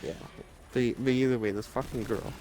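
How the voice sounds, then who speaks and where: A man's voice: mid-range voice, moderate pace. A young man, telling a story in casual chat, swearing often. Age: late teens. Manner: profane, animated storytelling. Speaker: streamer.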